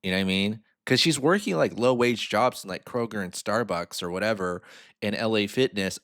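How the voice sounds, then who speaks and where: A man with a low voice talks through a video he is reacting to. His delivery is loose and conversational, and he often tags his points with a quick "right?". The sound is dry and close. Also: fairly bright tone, no room sound. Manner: chatty, asks "right?" often, frank opinions. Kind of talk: casual commentary on a video.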